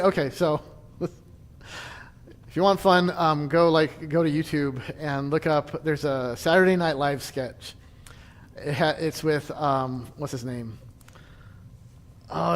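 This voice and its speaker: A man's voice: on the high side, fairly bright tone, in a large hall. A man casually leading a church history class, chatty and joking, with frequent restarts.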